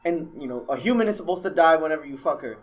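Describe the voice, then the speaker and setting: A man on a podcast who chats casually, jokes and laughs a lot, and reacts quickly. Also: fairly high pitch, expressive. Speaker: podcast co-host. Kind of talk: casual chat.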